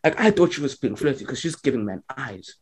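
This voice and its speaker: A man's voice: mid-range voice, a little fast. A young man telling a story on a podcast, acting out the lines he quotes. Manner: animated, acts out quoted lines. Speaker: podcast co-host. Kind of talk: casual storytelling among friends.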